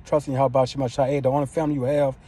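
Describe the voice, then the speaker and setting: A male preacher gives an informal sermon in a rapid, rolling delivery. His voice is husky and dark in tone. He talks in a rough, profane street manner and keeps peppering his lines with "man". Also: medium pitch, little pitch movement. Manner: profane street-style preaching, constant "man" and "you know what I'm saying".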